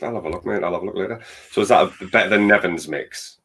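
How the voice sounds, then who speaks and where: A man hosting a casual live chat stream, chatty and quick to laugh. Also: low voice, a bit bright, husky. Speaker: livestream host.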